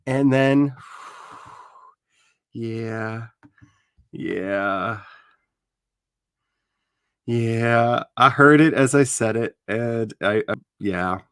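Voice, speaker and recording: A man's voice: mid-range voice, animated, slow, no room sound, studio quality. A man talking casually on a livestream as he builds his fictional world, chatty and playful, addressing his viewers and grumbling at his browser.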